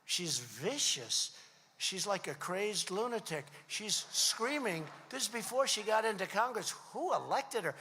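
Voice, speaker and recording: A man's voice: high-pitched, very animated, normal speed, sharp tone, slight background noise. A man in his seventies giving a rambling, repetitive rally speech, telling stories in a conversational way. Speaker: political speaker at a rally. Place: large hall. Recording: long hall reverb.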